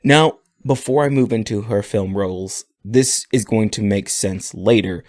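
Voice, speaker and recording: A man co-hosting a podcast, telling a story in a relaxed, casual way. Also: lowish voice, unhurried, dry recording, clean studio sound. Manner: relaxed storytelling, laughing often. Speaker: podcast co-host.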